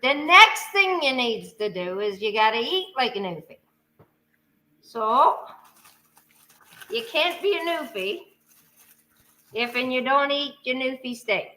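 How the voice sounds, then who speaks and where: A woman with a Newfoundland accent, a lively, teasing storyteller on a video call. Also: high voice, takes it slowly, pauses often, rough recording. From Newfoundland, Canada. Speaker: guest. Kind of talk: joking live-stream chat.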